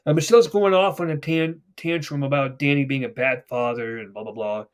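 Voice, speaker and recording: A man's voice: mid-range voice, fairly quick. A man hosting a casual podcast chat, telling stories with lots of swearing and acting out the characters' lines. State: getting choked up. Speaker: podcast host.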